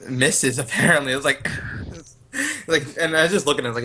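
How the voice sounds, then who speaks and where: A man's voice: fairly high pitch, sing-song, bright, forceful tone, slight background noise. A man playing a tabletop game, eager and laughing as he jumps in. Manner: eager, laughing, quick to jump in. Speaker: player.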